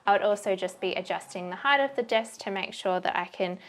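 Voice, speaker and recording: A woman's voice: medium pitch, brisk. A young woman presenting a workplace safety video in a friendly, chatty instructional way. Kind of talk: casual instructional talk.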